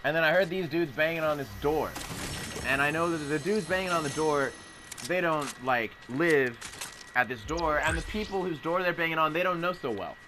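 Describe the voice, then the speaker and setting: A man's voice: a little high, moderate pace, background noise. A man ranting in a rambling, indignant way, with heavy swearing. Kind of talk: rambling personal rant.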